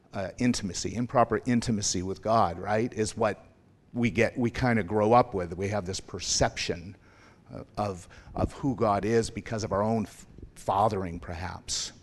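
A man's voice: lowish voice, unhurried. A man pastor preaching a sermon in a church in a loose, conversational way, stopping to question the congregation and laughing at himself. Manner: conversational, rambling, self-deprecating, quizzes the congregation. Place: church sanctuary.

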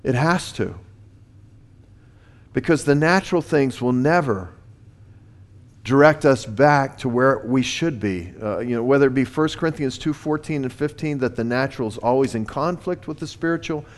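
A man's voice: mid-range voice, normal speed. A man preaching a sermon, earnest in tone, building in force on his key points. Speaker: pastor.

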